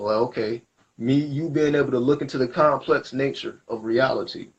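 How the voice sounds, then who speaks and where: A man gives a spiritual reading at a middle pitch, talking in loose, rambling and slangy explanations. The recording sounds dull and lo-fi. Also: fairly bright tone. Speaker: spiritual reader. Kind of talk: casual spoken reading.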